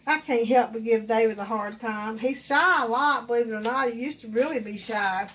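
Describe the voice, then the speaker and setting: A woman's voice: a little high, normal speed, fairly bright tone, distant mic, a little hiss or hum. A woman with an Appalachian accent, hosting a home cooking show, chatting casually and rambling while she cooks in her kitchen.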